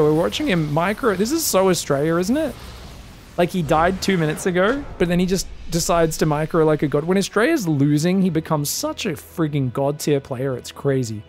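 A man casting a live esports match, excitable and joking, shouting out at big plays. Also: a little high, moderate pace, faint music behind. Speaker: esports caster. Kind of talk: live game commentary.

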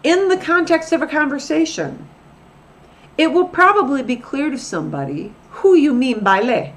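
A woman's voice: high-pitched, lively intonation, normal speed. A woman teaching a recorded grammar lesson as a Spanish teacher, patiently repeating example phrases.

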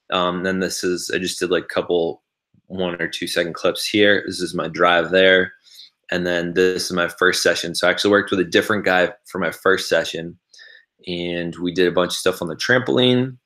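Vlogger, male, deep voice, loose livestream chatter while he edits, reads chat aloud. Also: fairly bright tone. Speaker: vlogger livestreaming his editing.

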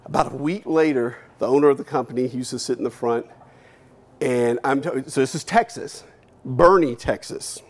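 A man in his fifties gives a keynote speech, telling his story in a candid, animated way with casual swearing. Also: medium pitch, moderate pace. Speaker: keynote speaker.

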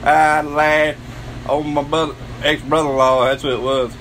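A channel host with a Southern US accent tells a crude, boastful story, swearing constantly and breaking into frequent laughter. His voice is on the high side and fairly bright, with little pitch movement at a moderate pace. The recording is rough, with slight background noise.

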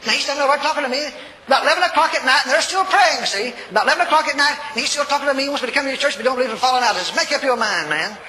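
An older man preaching a sermon, telling a story in a folksy, animated way and acting out the voices. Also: very high voice, rapid-fire. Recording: reverberant hall, faint noise.

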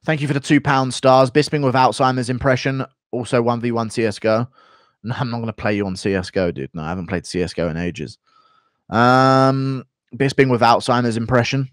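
A man's voice: mid-range voice, brisk, no echo, clean studio sound. A man streaming, reading donations and chatting with sarcastic, casually profane remarks. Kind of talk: casual livestream chat.

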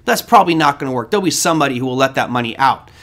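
A man's voice: medium pitch, expressive, racing, fairly bright tone. A man hosting a trading show, giving casual market commentary in a rambling, conversational way with side stories.

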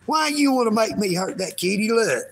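A man, vlogging outdoors at a park in a folksy, rambling way that bursts into shouting. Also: high voice, lively intonation, normal speed, creaky, breathy edge. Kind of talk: rambling livestream vlog.

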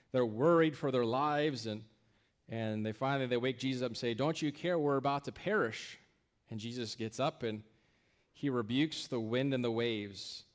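A male pastor preaching a sermon in a conversational way, often restarting phrases and checking in with "right?". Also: mid-range voice.

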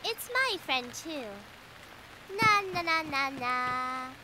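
A woman's voice: very high voice, sing-song, takes it slowly, sharp tone, a little hiss or hum, full character voice. A woman voicing a cheery little cartoon friend who talks in a playful, sing-song way. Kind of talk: children's cartoon voice acting.

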